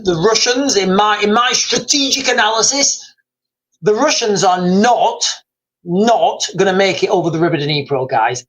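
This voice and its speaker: A man's voice: sits high, low-quality recording. A man hosting a live stream, talking in a rambling, emphatic way, reading out viewers' comments and calling them guys.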